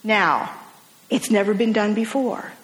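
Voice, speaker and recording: Animated woman preacher in an echoing hall. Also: mid-range voice, unhurried. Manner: animated, humorous storytelling with acted quotes. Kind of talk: storytelling sermon.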